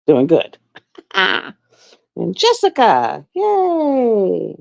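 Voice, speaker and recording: A woman's voice: mid-range voice, wildly swooping pitch, extremely slow, gravelly. A middle-aged woman hosting a livestream, chatting casually and rambling through stories while she sews. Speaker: livestream host. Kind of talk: casual chat while sewing. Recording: dull lo-fi dry sound.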